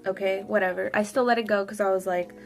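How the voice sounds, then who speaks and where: A young woman vlogger telling a sassy, animated storytime while doing her makeup. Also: medium pitch, fast, faint music behind. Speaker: beauty vlogger. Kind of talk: get-ready-with-me storytime.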